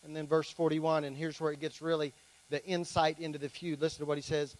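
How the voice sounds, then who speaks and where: A man's voice: fairly high pitch, level tone, fairly quick, rough recording. A man preaching a sermon to his congregation, emphatic, with playful joking asides. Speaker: pastor.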